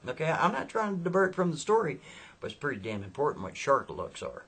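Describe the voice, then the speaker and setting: A man's voice: a little high, big pitch swings, a little fast, a bit bright, breathy edge. A man telling a story in a folksy, chatty way, often turning aside to the listener. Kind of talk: casual spoken storytelling.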